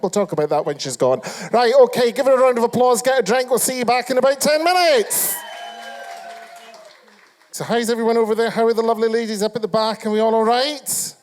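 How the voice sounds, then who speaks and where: High-voiced Scottish host roasting a crowd. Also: male voice, darkish tone. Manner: foul-mouthed, camp, teasing the audience. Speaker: chat show host. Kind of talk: live stand-up crowd work. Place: live comedy venue.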